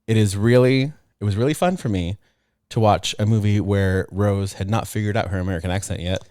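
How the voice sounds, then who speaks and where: A man co-hosting a podcast, chatty and teasing, quick to laugh along. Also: lowish voice, dark tone, clean tone, dry recording, clean studio sound. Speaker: podcast co-host. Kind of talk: casual chat.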